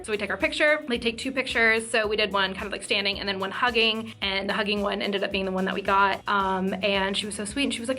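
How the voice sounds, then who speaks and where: A young woman vlogger excitedly retelling a story to camera in a fast, casual way, peppered with filler words. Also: mid-range voice. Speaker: YouTube vlogger.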